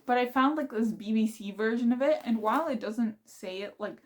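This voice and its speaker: A young woman book vlogger chatting casually and excitedly about her reading, rambling and laughing as she goes. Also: on the high side, fairly quick. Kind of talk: casual chat.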